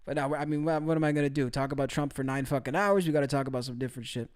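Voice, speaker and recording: A man's voice: medium pitch, racing. A young man casually talking to his live-stream chat, laughing often, cursing and calling viewers bro. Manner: crude, laughing, brotherly slang.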